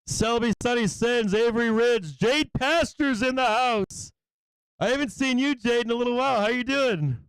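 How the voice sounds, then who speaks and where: High-voiced excitable male stream host. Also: moderate pace, clear, resonant tone, no echo. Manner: excited, swearing, greeting viewers by name. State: emotional, close to tears. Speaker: livestream host. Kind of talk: casual live-stream shout-outs.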